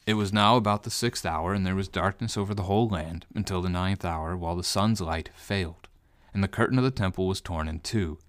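A man reading scripture aloud in a measured, even way. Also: sits low, dry recording, studio quality. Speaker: scripture reader.

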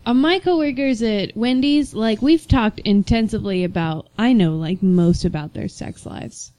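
Animated young woman telling stories. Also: a little high, moderate pace, dry recording. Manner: animated storyteller, acts out quoted voices. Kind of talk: casual chat.

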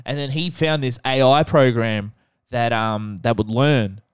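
A man co-hosting a podcast, telling stories in a profane, animated, casual way. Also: mid-range voice, measured pace, clear, resonant tone, no room sound, studio quality. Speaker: podcast co-host. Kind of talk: casual chat.

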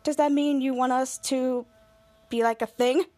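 A woman's voice: sits high, fairly even intonation, moderate pace, darkish tone, no echo, lightly acted. A woman reading a sweet, eager teen girl.

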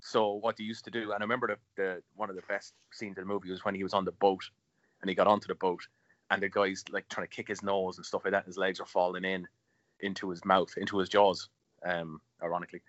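A man co-hosting a movie chat, swearing and telling stories in a casual, animated way. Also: low voice, quick pace, dry recording. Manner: swearing, animated storytelling with laughs. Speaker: podcast co-host. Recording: dull, muffled audio.

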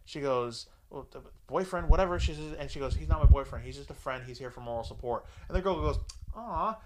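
A man hosting a podcast, telling a story in a casual, profane, animated way and acting out both sides of the dialogue. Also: medium pitch, fast, a little hiss or hum. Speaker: podcast host.

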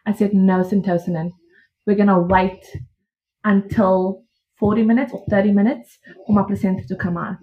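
A young woman casually telling her own birth story, animated and laughing as she acts out what she said back then. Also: mid-range voice, moderate pace. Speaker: podcast guest. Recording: dull lo-fi audio.

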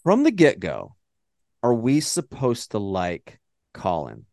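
A man from Texas with a Texan accent, co-hosting a casual movie-review podcast and ranting in a profane, animated way. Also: on the low side, slow pace, vocal fry, dry recording, clean studio sound. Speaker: podcast co-host.

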